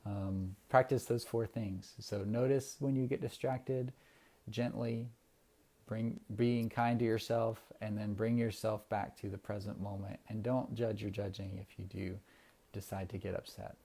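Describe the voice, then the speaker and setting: A man guiding a mindfulness lesson on a livestream, talking casually and gently with many ums and restarts. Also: fairly low pitch, flat delivery, measured pace. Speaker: mindfulness instructor. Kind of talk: casual livestream meditation guidance.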